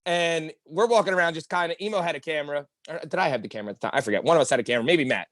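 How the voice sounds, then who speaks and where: A man rattles off raucous party stories, cursing freely and acting out what people said. His voice sits a little high and moves fast. The recording is dry and close. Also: no room sound. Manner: fast, profane, animated storytelling with acted-out quotes. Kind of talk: casual storytelling chat.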